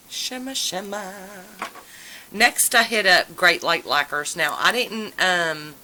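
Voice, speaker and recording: A woman chatting casually and enthusiastically in a haul video, with drawn-out exclamations. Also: deep voice, bright, forceful tone, a little hiss or hum, low-quality recording. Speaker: nail polish vlogger.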